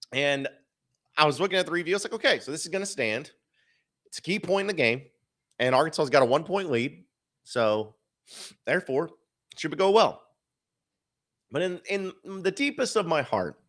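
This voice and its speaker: A man's voice: on the high side, a bit bright. Chatty man hosting a sports podcast. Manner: chatty, opinionated, wry asides. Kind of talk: casual solo sports commentary.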